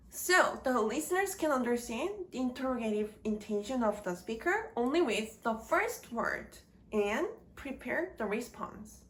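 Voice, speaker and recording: A woman giving a scripted grammar lesson, speaking slowly and deliberately in short halting phrases. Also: fairly high pitch, fairly bright tone. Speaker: grammar teacher. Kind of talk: slow scripted grammar lecture.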